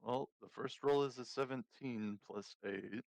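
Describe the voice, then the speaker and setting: A man's voice: mid-range voice, unhurried, vocal fry, darkish tone, dry recording, rough recording. A man playing a tabletop game who talks carefully and checks the rules aloud. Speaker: player. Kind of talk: casual tabletop play.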